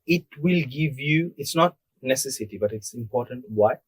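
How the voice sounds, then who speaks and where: A young man talks through his views in a casual podcast chat. He sits in the middle of the male pitch range and keeps pressing his points by asking himself questions and answering them. The sound is close and dry, with hardly any room in it. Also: animated, moderate pace, slightly rough, no room sound. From Bangladesh. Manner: emphatic, asks rhetorical questions and answers them. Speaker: podcast co-host. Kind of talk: casual discussion.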